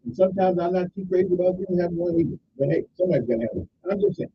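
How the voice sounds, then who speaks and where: A man's voice: sits high, lively intonation, rapid-fire, vocal fry, distant mic, muffled recording, slight background noise. A man hosting a radio call-in show in casual talk, rambling and often checking in with "okay?". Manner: rambling, keeps asking "okay?".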